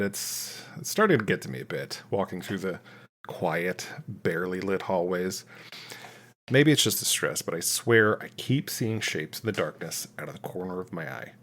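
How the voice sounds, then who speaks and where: A man's voice: deep voice, heavily acted. A man playing a jumpy starship captain. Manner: hushed, jumpy log entry. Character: uneasy male starship captain recording a log. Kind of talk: comedic sketch narration.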